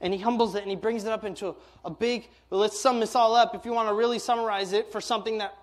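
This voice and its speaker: Excited young youth pastor preaching. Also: male voice, sits high, quick pace. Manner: animated, stumbling over words when excited. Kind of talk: sermon.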